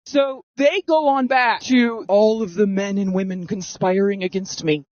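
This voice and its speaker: A woman's voice: mid-range voice, fairly even intonation, unhurried, darkish tone, dry recording. A woman around thirty telling her own story in earnest, dramatic fashion, re-enacting her past reactions, through a voice masking filter. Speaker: storyteller giving personal testimony. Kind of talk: first-person storytelling. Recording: dull, dry, masked voice recording.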